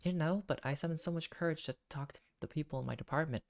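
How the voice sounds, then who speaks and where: A streamer with a medium-pitched, fast voice and vocal fry chats casually through a story game. They poke fun at themselves, reading the game text aloud with laughs in casual gameplay commentary.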